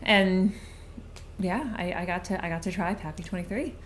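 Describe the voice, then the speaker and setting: A woman's voice: fairly low pitch, normal speed, a little hiss or hum. A woman co-hosting a casual drinks review, chatting in a bubbly way, full of "like". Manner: bubbly, talks with lots of "like". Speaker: co-host. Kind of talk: casual chat.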